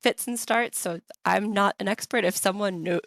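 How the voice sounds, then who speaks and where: A woman's voice: medium pitch, moderate pace, creaky, a bit bright, dry recording. A woman guest on a podcast, chatting thoughtfully and at length with frequent fillers. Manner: thoughtful, rambling, lots of fillers. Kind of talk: casual chat.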